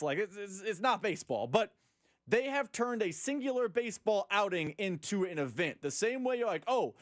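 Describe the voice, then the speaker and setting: A sports radio co-host with a fairly high voice, recorded close and dry with no room sound. He explains his takes in a casual, opinionated way. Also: no echo.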